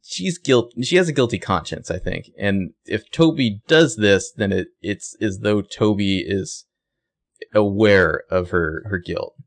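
A man's voice: on the low side, lively intonation, unhurried. A young man co-hosting a casual chat, retelling a TV episode by acting out the characters' lines. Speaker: podcast co-host recapping a TV show.

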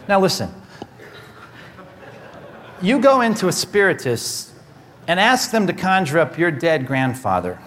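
Brief: male pastor, wry lively sermon delivery, high voice, long echo of a hall. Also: unhurried, pauses often, slight background noise. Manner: animated, wry, shifts between loud and hushed. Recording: echoey hall.

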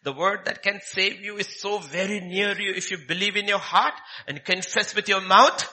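A man's voice: high-pitched, normal speed, bright, forceful tone. A man preaching a sermon, emphatic and repetitive, firing off rhetorical questions. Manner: emphatic, repeats key phrases, rhetorical questions.

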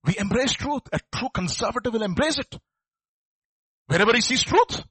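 A man's voice: very high-pitched, expressive, normal speed, a bit bright, breathy edge, dry recording. A man preaching a sermon, asking his listeners rhetorical questions. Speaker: pastor.

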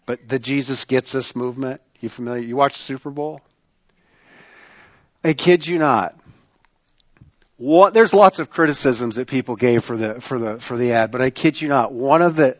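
Male pastor, conversational preacher, fairly high voice, dry close sound. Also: dry recording. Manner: conversational preaching with rhetorical questions and repeated phrases. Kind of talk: sermon.

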